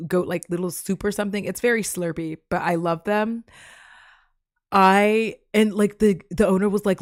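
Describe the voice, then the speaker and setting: Here a woman with a lowish voice rambles through casual live-stream chat, full of jokes and a clear fondness for puns. There's no echo, and the sound is clean studio quality.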